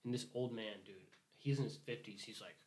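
A man's voice: on the low side, brisk, darkish tone. A young man telling a long work story in casual chat, rambling, swearing a lot and acting out both sides of the argument. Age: young adult. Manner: rambling storytelling, heavy swearing, acts out quotes.

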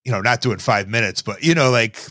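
A man's voice: medium pitch, brisk, a bit bright, no room sound, studio quality. Wry, rambling man on a podcast. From Illinois, US. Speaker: podcast guest. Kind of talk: casual podcast chat.

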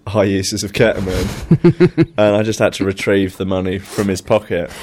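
A man's voice: low-pitched, moderate pace, darkish tone. A young man telling rambling anecdotes in casual chat, with plenty of fillers and laughter.

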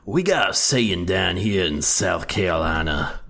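A man's voice: deep voice, expressive, a little slow, creaky, fairly bright tone, voice pushed down, heavily acted. A man putting on a drawling old Southern man. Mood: folksy. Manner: drawling folksy saying.

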